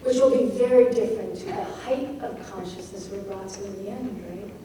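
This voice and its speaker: A woman poet giving a craft talk who reads lines of a poem aloud slowly and dwells on their sounds. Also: medium pitch, warm tone, a little hiss or hum. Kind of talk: lecture on poetry craft. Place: lecture hall. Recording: echoey hall from far off.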